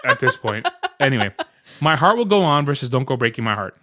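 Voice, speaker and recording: A man's voice: mid-range voice, sing-song, brisk, sharp tone, dry recording, clean studio sound. A man co-hosting a podcast in casual chat, joking and laughing often. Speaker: podcast co-host.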